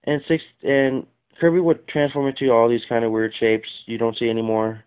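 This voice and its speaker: A man talks through his game collection in a loose, rambling way, full of fillers and little apologies. His voice is smooth and of middling pitch. The home camera audio sounds dull and lo-fi. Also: little pitch movement, moderate pace. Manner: rambling, apologetic, many fillers and self-corrections. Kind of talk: casual video-game collection vlog.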